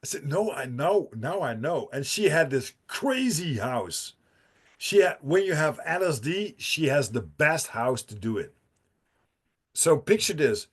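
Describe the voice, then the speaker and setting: A man's voice: fairly high pitch, very animated, a little slow, husky. A man, a podcast guest telling a profane, rambling story with laughs and restarts. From Netherlands. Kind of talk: casual storytelling.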